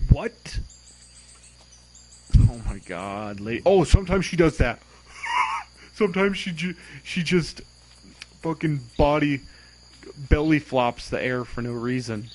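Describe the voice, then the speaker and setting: A man's voice: medium pitch, takes it slowly, pauses often, slight background noise, poor audio. Exasperated young man commentating gameplay. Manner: exasperated, swearing, sarcastic.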